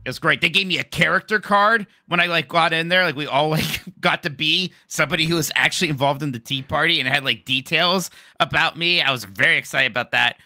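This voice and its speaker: A man's voice: fairly high pitch, a little fast, hardly any pauses, pushed and bright, no room sound, clean studio sound. A man co-hosting a casual podcast, telling stories in an earnest, playful way. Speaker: podcast co-host.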